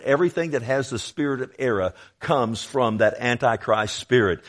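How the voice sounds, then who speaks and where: A male preacher delivering a verse-by-verse sermon. He speaks straight to his listeners, and his voice swells into loud, emphatic exhortation. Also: medium pitch, moderate pace, hardly any pauses. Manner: addresses listeners directly. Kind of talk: expository sermon.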